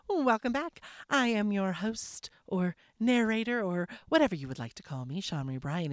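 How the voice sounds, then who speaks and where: A woman host reads a novel aloud in a low voice, steady and clear. She sounds relaxed between chapters, and the close mic sound is very dry. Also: no room sound. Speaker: host and audiobook narrator. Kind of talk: audiobook narration.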